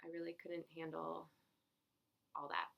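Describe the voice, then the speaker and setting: A woman's voice: sits low, little pitch movement, a little slow, vocal fry, a bit bright. A young woman chatting casually about her cross-stitch purchases, rambling and giggling, with lots of fillers. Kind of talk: casual chat.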